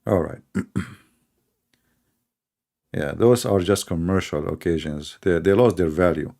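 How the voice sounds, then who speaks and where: A man's voice: deep voice, a little slow, gravelly, mellow. A man hosting a mocking commentary show, sarcastic and chuckling at his own jokes. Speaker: show host.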